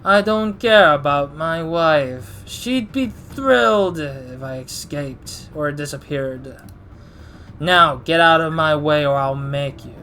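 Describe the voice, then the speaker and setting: A man voicing an arrogant male security company owner in a game, reading his lines slowly and with a sneer. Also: a little high, bright, forceful tone, a little hiss or hum, heavily acted. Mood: defiant. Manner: slow, drawling, sneering delivery.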